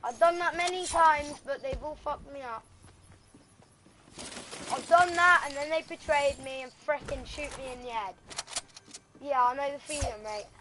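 Young guy doing a gruff aussie bloke, mouthy and distrustful, noisy game audio behind. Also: extremely high pitch, moderate pace, pauses often, pushed and bright. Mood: defiant. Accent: put-on Australian. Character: tough, distrustful Australian man.

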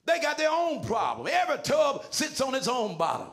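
A male pastor preaching in a very high, gravelly voice that swoops up and down. His tone is bright and tense, and he shouts his lines in a sing-song preaching cadence with folksy everyday phrasing. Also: huge pitch swings, moderate pace. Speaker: senior pastor. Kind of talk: preaching a sermon.

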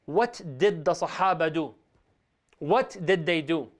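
A man's voice: high-pitched, unhurried. A man teaching a religious lesson as a sheikh, talking animatedly and switching between English and Arabic. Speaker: sheikh teaching Islamic stories.

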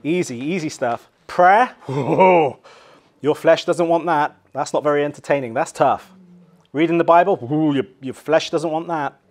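This male pastor, English-accented, preaches at a measured pace. His delivery swings between loud, acted cries and quiet, low emphasis.

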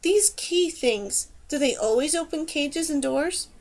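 A woman voicing a small, wary male marmoset who speaks slowly and softly in a storybook reading. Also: high-pitched, lively intonation, voice pushed up. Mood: curious.

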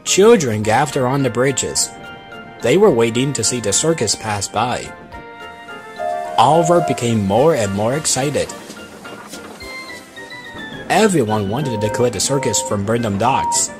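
A man narrates a children's story in a lively scripted way and gives every character a voice of its own. His pitch sits in the middle range. Music plays steadily underneath. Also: a little slow, long pauses. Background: background music.

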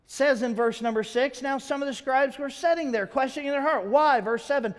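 Guy preaching in church, high lively voice, big echoey sanctuary, keeps asking the crowd questions. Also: brisk, few pauses. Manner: conversational preaching with rhetorical questions. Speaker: pastor. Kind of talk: sermon. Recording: long hall reverb.

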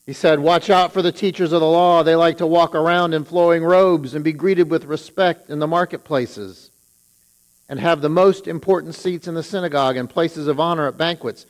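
A man's voice: a little high, fairly even intonation, normal speed, poor audio. A man who is a pastor, preaching a sermon and retelling scripture with rising emphasis on its warnings.

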